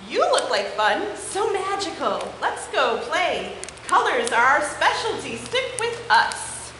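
Woman doing excited, bouncy crayon voices. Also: high voice, slow pace, heavily acted. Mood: inviting. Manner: excited, exclamatory. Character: bouncy playful talking crayons. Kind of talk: storybook read-aloud. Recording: echoey room with background noise.

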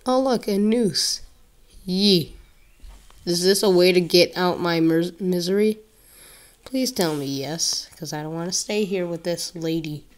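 A woman talks through a horror game in a slow, unhurried way, trading sassy jokes with herself as she plays. Her voice sits a little low, and the commentary stays casual throughout. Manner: joking, sassy running remarks. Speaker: gameplay commentator.

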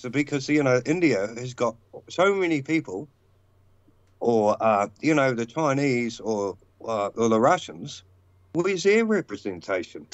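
A man's voice: medium pitch, very animated, a little slow, no echo, lo-fi sound. Blunt rambling New Zealand man. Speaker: guest caller. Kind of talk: casual call-in chat.

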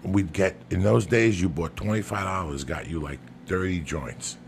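A man's voice: low voice, moderate pace, vocal fry. A middle-aged man from New Jersey with a Jersey accent, telling brash, profane stories on a podcast. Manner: brash, profane, bursts into loud laughing shouts. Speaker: podcast host. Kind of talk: casual storytelling. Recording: noisy room ambience.

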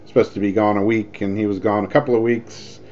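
Male vlogger, lower voice, chatty storyteller who acts out dialogue; muffled recording. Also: quick pace. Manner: rambling, animated, acts out quoted lines. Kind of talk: casual storytelling. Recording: dull lo-fi sound with faint noise.

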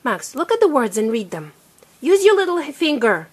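A young woman patiently teaching a child to read, sounding out letters and words slowly and clearly, praising and correcting as she goes. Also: sits high, sing-song. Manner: slow, clear, encouraging, repeats sounds for the child. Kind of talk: patient one-on-one reading lesson.

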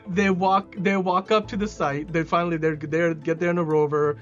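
A man hosting a podcast, reviewing a TV episode in a casual, excitable way that rambles with lots of fillers and restarts. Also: fairly high pitch, normal speed, faint music behind. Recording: dull lo-fi podcast audio.

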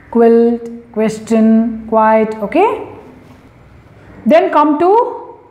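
A woman teaching young children, slowly coaxing them and repeating each word. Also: high voice. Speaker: kindergarten teacher. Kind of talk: slow, sing-song online lesson for young children. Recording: echoey room, narrow lo-fi phone-like sound.

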